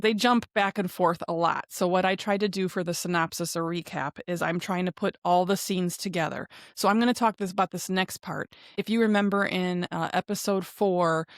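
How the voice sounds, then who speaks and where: A woman's voice: fairly low pitch, no room sound, studio quality. A woman co-hosting a podcast, casually recapping a TV episode in a chatty way, acting out quoted lines as she retells scenes. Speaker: podcast co-host.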